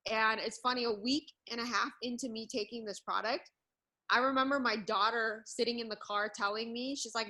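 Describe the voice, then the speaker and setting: A woman's voice: on the high side, fairly even intonation, a little fast, pushed and bright, rough recording. A woman in her thirties giving an upbeat product presentation over a video call, breaking into short laughs as she talks. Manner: upbeat, laughs between words.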